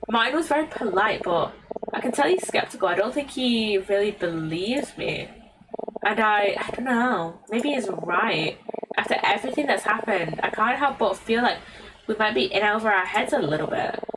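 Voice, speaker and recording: A British woman voicing an anxious, guilt-ridden young woman in a video game, reading softly and hesitantly. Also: medium pitch, animated, moderate pace, far from the mic, background noise, natural voice. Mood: uncertain.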